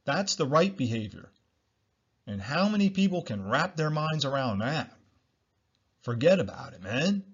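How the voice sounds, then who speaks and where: A man's voice: a little high, very animated, a little slow, long pauses, breathy edge, muffled recording. A man hosting a solo podcast, talking bluntly, repeating himself and swearing freely. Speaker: podcast host.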